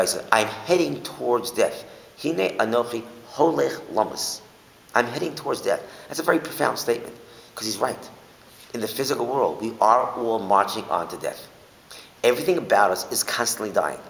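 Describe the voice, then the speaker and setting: Man, Torah teacher, lecture, rhetorical questions, gravelly, long hall echo. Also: fairly low pitch. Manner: animated, asks rhetorical questions and restates points. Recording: echoey hall with faint hiss.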